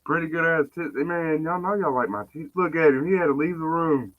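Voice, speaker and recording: A man's voice: fairly high pitch, brisk, phone-quality sound. A man talking in casual, profane, joking banter as a guest on a live podcast stream.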